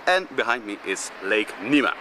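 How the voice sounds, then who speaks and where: A man recording a video blog outdoors by a lake, talking haltingly with many fillers. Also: fairly low pitch, sing-song, pushed and bright, slight background noise. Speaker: vlogger. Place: outdoors by a lake near traffic.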